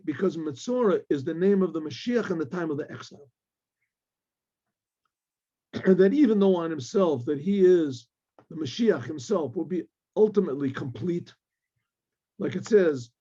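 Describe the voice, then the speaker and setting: High-pitched rabbi with a husky voice. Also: male voice, dark tone, muffled recording. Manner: mixes Hebrew quotes with English explanation, frequent throat clearing and restarts. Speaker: rabbi teaching. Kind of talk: Torah class lecture.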